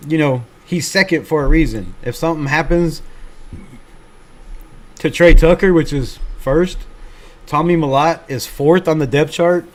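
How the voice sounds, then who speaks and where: A man's voice: fairly high pitch, a little slow, pauses often. A man hosting a fan livestream, chatting casually and reading out viewer comments in a laid-back, swearing, self-mocking way. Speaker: fan channel livestream host.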